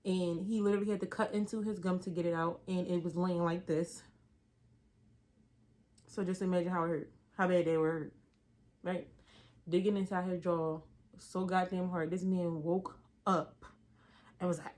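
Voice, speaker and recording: A young adult woman telling a story from her job in a casual vlog, animated and slangy, with a lot of emphasis. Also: fairly low pitch, moderate pace.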